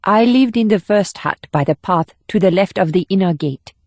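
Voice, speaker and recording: A man's voice: high voice, normal speed, vocal fry, dry recording, voice pushed up, heavily acted. A male audiobook narrator voicing a cold, ruthless female state agent who speaks in clipped, commanding lines. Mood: measured. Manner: clipped, commanding, flat menace. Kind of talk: audiobook character voice.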